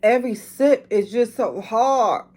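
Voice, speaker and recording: A woman's voice: on the high side, a little slow, darkish tone. A woman, a mother filming at home, chatting casually to her viewers and groaning with strain as she talks. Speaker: vlogger doing a drinking challenge.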